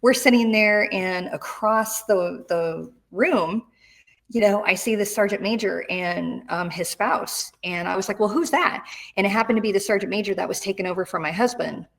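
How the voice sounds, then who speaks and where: A middle-aged woman tells a story in an interview. She talks in an animated way and acts out the voices of the people she quotes. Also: medium pitch, moderate pace, gravelly. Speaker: interview guest, retired Marine.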